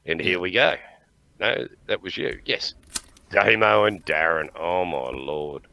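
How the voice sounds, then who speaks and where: A man's voice: low-pitched, takes it slowly, gravelly, sharp tone, a little hiss or hum. A man with an Australian accent hosting a livestream in rambling, jokey casual chat, laughing often. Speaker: livestream host.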